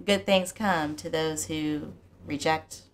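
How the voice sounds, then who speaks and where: A middle-aged woman hosting a family book channel, chatting and retelling a story in an animated way. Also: deep voice, slow pace. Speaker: book channel host and mother. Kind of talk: casual family chat.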